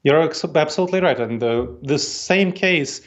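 Slightly high and animated, this man's voice comes through a muffled recording at a moderate pace. He's a Moldovan guest expert in his forties, with an Eastern European accent touched by New York, who explains methodically and keeps circling back to key points.

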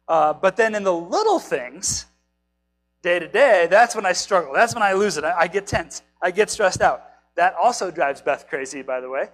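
A man's voice: fairly high pitch, lively intonation, moderate pace, a bit bright, faint music behind, rough recording. A man in his thirties or forties, probably, preaching a casual, chatty sermon, joking about himself and asking his listeners questions. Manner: chatty, self-deprecating, asks the listeners questions. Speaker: pastor.

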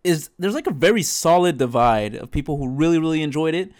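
A man's voice: fairly high pitch, lively intonation, brisk, a little mellow. A man on a casual podcast chat, talking thoughtfully and hesitantly, with many "you know"s and restarts. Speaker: podcast co-host.

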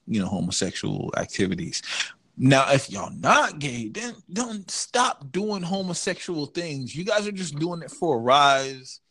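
Male podcast co-host, AAVE, animated, wide pitch swings, rants loud then drops low. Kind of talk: casual podcast banter.

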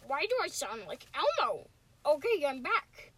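A woman rambles playfully on a casual podcast and giggles between bits. Her voice is high and bright, and it leaps wildly up and down. She talks slowly, with a faint hiss behind her. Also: very animated, dry recording.

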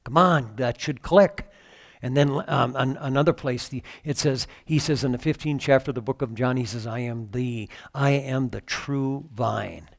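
A man's voice: medium pitch, moderate pace. A man preaching a sermon as pastor, moving from conversational teaching with fillers to fervent, rising exclamations.

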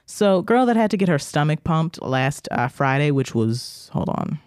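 A man co-hosting a podcast, telling a long anecdote in a casual, animated way with lots of "like" fillers. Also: fairly high pitch, moderate pace, clean tone, no echo, clean studio sound. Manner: animated storyteller, heavy filler "like". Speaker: podcast co-host. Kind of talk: casual chat.

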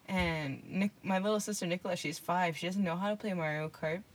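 A woman's voice: on the low side, fairly quick. A young woman hosting a casual podcast, telling stories and teasing her guest with giggles. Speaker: podcast host.

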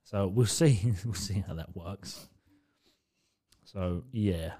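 A man's voice: low voice, slow, mellow. A man co-hosting a casual podcast, rambling through explanations, swearing freely and laughing often. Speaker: podcast co-host. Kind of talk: casual chat.

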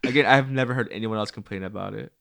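A young man with a lowish voice chats casually about movies. He tells stories with plenty of fillers and lurches up in pitch when he gets excited. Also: fast, gravelly. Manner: chatty storyteller, many fillers, jumps up in pitch when excited.

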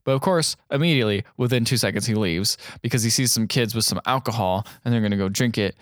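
A man's voice: on the low side, fast talker, no room sound, clean studio sound. A young man co-hosting a casual movie-review podcast, ranting in exasperation, swearing and acting out scenes. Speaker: podcast co-host.

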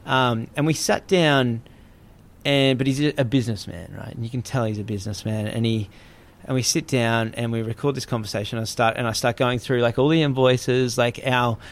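A man's voice: mid-range voice, moderate pace. Rambling man telling a story. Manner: rambling, many fillers and restarts. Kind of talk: casual storytelling chat.

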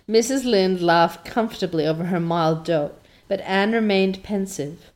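A woman's voice: mid-range voice, measured pace, darkish tone. Woman narrating a storybook. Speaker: audiobook narrator. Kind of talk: scripted narration.

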